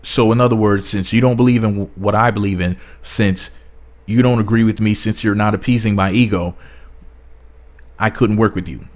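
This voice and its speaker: A man's voice: lowish voice, fairly even intonation, normal speed. A man talking bluntly to camera in a casual commentary vlog, rambling with many restarts. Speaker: YouTube commentator.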